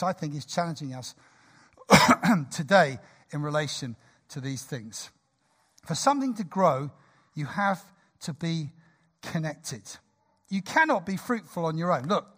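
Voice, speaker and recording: A man in his sixties preaching a sermon in a church, lively, jokey and conversational. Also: a little high, measured pace, long pauses. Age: 60s.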